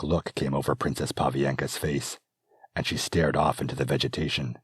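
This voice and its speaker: A man narrating his own fantasy audiobook in a measured, descriptive storytelling manner. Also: extremely low pitch, level tone, slightly rough, no room sound, studio quality. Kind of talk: scripted narration.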